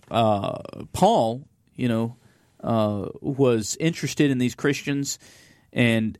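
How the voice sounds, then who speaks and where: A man leads a relaxed Bible study, reading a passage aloud and then unpacking it in plain words. He speaks at a middling pitch, and the sound is dry and close with no room behind it. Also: dry recording. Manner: reads scripture aloud, then explains it with fillers. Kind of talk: conversational Bible teaching.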